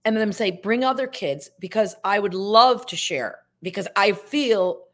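A woman in her sixties from upstate New York, a guest actress telling stories in a chatty, animated way on a podcast. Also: medium pitch, measured pace. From Syracuse, New York. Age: 60s. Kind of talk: casual podcast chat.

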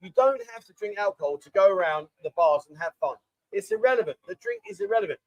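A man's voice: high-pitched, expressive, fast, no echo, lo-fi sound. A man hosting a casual live stream, chatting and reading viewer questions aloud. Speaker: host of a live bar stream.

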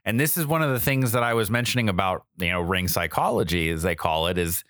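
A man co-hosting a podcast in casual chat, explaining things in a relaxed, conversational way. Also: sits low, fast talker, no room sound, clean studio sound. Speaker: podcast co-host.

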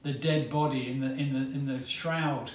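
A male preacher giving a sermon, retelling a story dramatically with long pauses. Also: medium pitch, steady tone, a little hiss or hum. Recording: roomy hall, mic at a distance, faint ambience.

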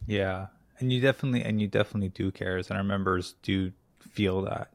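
A man hosting a podcast, chatting in a relaxed, encouraging way with a slight lisp. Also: sits low, brisk, gravelly, no room sound. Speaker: podcast host. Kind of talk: casual interview.

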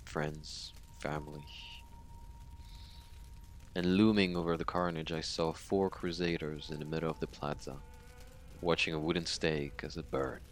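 An actor playing a haunted young man who survived a massacre, retelling it in a halting, stammering way in an audio drama monologue. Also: a bass voice, fairly even intonation, a little hiss or hum. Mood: grim. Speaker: survivor recounting his story.

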